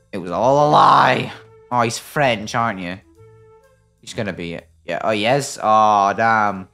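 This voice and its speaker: Excitable British guy with a wildly swinging voice. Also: fairly low pitch, slow pace, vocal fry, faint music behind. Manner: excitable, jokey banter with sudden loud yelps. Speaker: gaming video creator. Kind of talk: playing a game and commenting.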